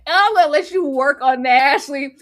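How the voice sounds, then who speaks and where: A woman's voice: high-pitched, moderate pace, fairly bright tone. A woman hosting a live online recap show, chatting casually, laughing often and retelling scenes with drama.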